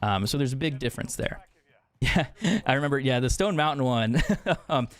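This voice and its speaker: A man's voice: mid-range voice, normal speed, a bit bright. A young man streaming a game, chatting candidly with viewers, swearing freely and laughing often. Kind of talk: casual chat with stream viewers while gaming.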